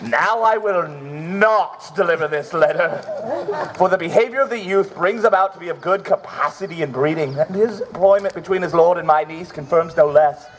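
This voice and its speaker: A man's voice: moderate pace, fairly bright tone. Man playing a scheming old drunken knight. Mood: plotting. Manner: declamatory, booming stage delivery. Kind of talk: outdoor Shakespeare stage acting. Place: outdoor park stage.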